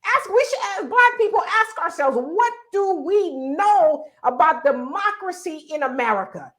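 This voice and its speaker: A woman hosting a podcast, giving casual political commentary in a blunt, profane, animated way. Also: very high-pitched, a little slow. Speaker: podcast host.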